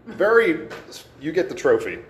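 A man preaching to a congregation in a conversational teaching style, asking questions of the room and slowing down to stress key words. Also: a little high, animated, darkish tone. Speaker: pastor.

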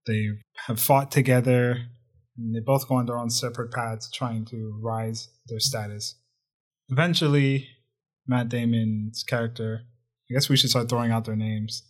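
A man's voice: mid-range voice, steady tone, moderate pace. A man co-hosting a casual movie review chat, telling the plot in a joking, wry way. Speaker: podcast co-host.

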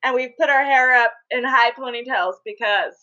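A woman's voice: on the high side, normal speed, sharp tone. A woman hosting a casual chat among mothers, upbeat and giggly. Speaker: podcast host. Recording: dull lo-fi sound.

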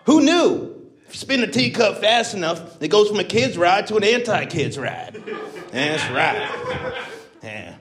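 A man's voice: high-pitched, big pitch swings, unhurried, fairly bright tone, voice pushed up, exaggerated voice. A male comedian voicing a crude, rambling Texas redneck character on stage. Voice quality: crude, drawling, self-mocking patter. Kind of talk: stand-up character bit.

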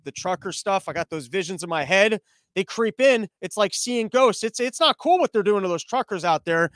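A man's voice: high voice, a bit bright, clear, resonant tone, no echo. A man ranting about politics in a sarcastic, profane, rambling comedy style.

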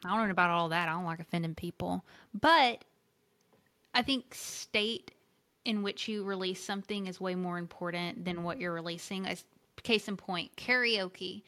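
Bright, lively woman co-host in her forties. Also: on the low side, moderate pace. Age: 40s. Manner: energetic, playful, animated storytelling. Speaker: podcast co-host. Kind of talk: casual chat.

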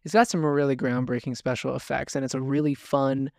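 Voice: medium pitch, flat delivery, brisk, gravelly, darkish tone, no echo, clean studio sound. A film podcast co-host chatting casually and relaxedly, using fillers like "yeah, no".

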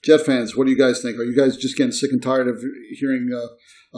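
A man's voice: medium pitch, level tone, fairly quick, darkish tone. A middle-aged man hosting a casual sports podcast, chatty and blunt, talking straight to the fans with plenty of fillers.

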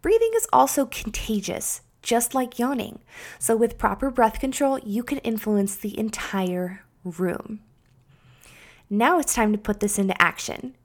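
A woman's voice: a little high, expressive. Woman reading a podcast episode summary. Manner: reads from a script, measured and instructive. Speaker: podcast host.

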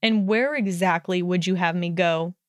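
Woman reading a snide, sneering young guy who swears a lot, smooth and dry sound. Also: lowish voice, moderate pace, no room sound, close to an everyday voice. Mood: snarling. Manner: snarling, contemptuous, swearing. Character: sneering hostile young man, snide bully.

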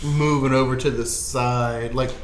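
A man's voice: medium pitch, fairly even intonation, measured pace. A man playing a tabletop game, explaining his moves casually with lots of "like". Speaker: player. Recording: roomy echo.

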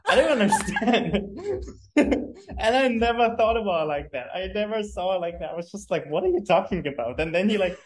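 A man's voice: sits high, moderate pace. A German man as a podcast guest, telling casual stories and laughing easily. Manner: relaxed storyteller, laughs easily. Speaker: guest, agency co-founder. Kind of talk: casual interview chat.

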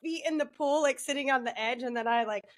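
A woman's voice: high voice, brisk. A woman co-hosting a podcast in casual chat, laughing often and chiming in with short comments. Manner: giggly, chimes in with short comments. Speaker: podcast co-host.

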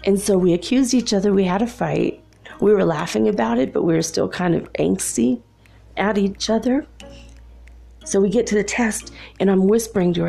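Young woman telling a story, laughs a lot, kinda gravelly and mellow. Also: mid-range voice, normal speed, long pauses, soft background music. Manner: chatty, laughs often between remarks. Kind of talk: casual personal storytelling.

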